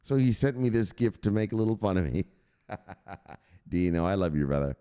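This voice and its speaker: A man hosting a crypto news show as a casual livestream, hyped and profane, shouting out viewers. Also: fairly low pitch, animated, fairly quick, pauses often, clean tone. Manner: talks straight to viewers, gives shout-outs. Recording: echoey room with long reverb.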